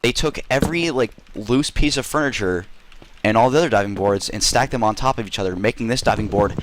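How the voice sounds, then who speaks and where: A man's voice: mid-range voice, fairly quick. A man telling a rambling, silly story to friends in a game voice chat, full of fillers and swearing.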